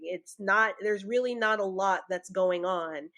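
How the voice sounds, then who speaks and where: A young woman co-hosting a casual chat podcast. She talks in long rambling runs full of filler words and restarts. Her pitch sits in the middle of the range. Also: measured pace, sharp tone. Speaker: podcast co-host.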